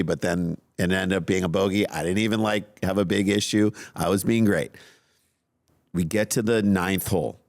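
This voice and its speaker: A man with a low voice tells a story on a podcast, animated and quick to poke fun at himself. The sound is dry and close, with no room echo. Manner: animated, self-mocking storytelling. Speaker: podcast co-host. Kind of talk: casual storytelling chat.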